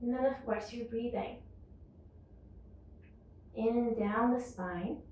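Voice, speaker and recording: A woman teaching a guided yoga class, calmly cueing each breath and movement. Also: fairly high pitch, slow pace, distant mic, slight background noise. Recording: echoey room, voice off-mic.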